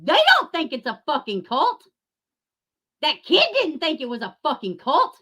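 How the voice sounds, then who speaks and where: A fired-up woman with a drawl, ranting profanely into the camera. Her fairly high voice leaps up and down as she mocks her targets, sometimes dropping into a sneering whisper. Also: wildly swooping pitch, moderate pace. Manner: angry, profane, sarcastic, swings between loud outbursts and mocking asides; drops into a mocking whisper. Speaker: YouTube commentary host. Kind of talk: ranting commentary.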